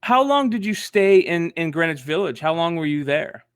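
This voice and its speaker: A man's voice: fairly high pitch, animated, moderate pace, smooth, no room sound, studio quality. A man interviewing, asking eager, stumbling questions in casual chat.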